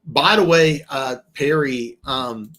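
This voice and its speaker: A man's voice: mid-range voice, takes it slowly, pushed and bright. A man from the American South hosting a casual football talk show, rambling and restarting his sentences. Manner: rambling, frequent restarts and repeated words. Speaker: host.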